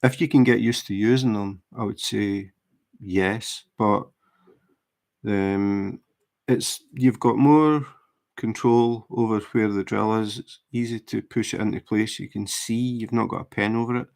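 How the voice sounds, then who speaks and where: A man with a fairly low, gravelly voice chats casually as he works on a craft. He explains tips in a relaxed way, often restarting sentences and filling pauses. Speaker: diamond painting livestreamer. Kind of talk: casual chat while crafting.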